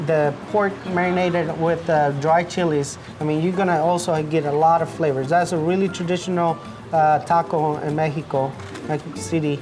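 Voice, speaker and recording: A man, a chef, explaining his dishes in a relaxed, matter-of-fact way. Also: fairly high pitch, moderate pace. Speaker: chef and restaurant owner.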